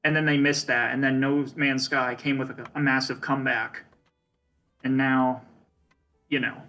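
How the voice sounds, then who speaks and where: Young man with dry, deadpan quips. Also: medium pitch, normal speed, soft background music. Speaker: stream co-host. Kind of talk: casual gaming livestream chat.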